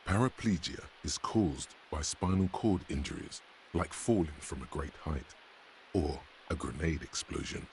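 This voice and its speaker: Omniscient game narrator: very deep, gravelly, dry, measured. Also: male voice, expressive, a little mellow, slight background noise, heavily acted.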